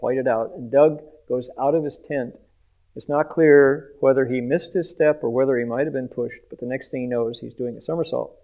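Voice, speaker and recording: A man vividly retelling someone else's story, acting out the sound effects as he goes. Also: mid-range voice. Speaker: interviewer retelling a guest's story. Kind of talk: animated storytelling. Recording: tinny phone-like audio.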